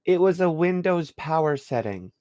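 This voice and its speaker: A man's voice: fairly high pitch, expressive, normal speed, darkish tone, no echo, clean studio sound. A young man on a podcast, casually telling a rambling gaming story full of fillers and restarts. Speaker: podcast co-host. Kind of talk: casual storytelling about a game.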